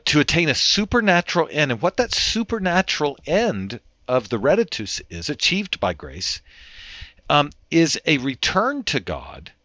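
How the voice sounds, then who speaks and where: A man's voice: on the high side, bright, forceful tone, no echo, lo-fi sound. A man discussing theology in an interview, in an emphatic, lecturing way that often repeats words as he restarts. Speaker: theologian guest.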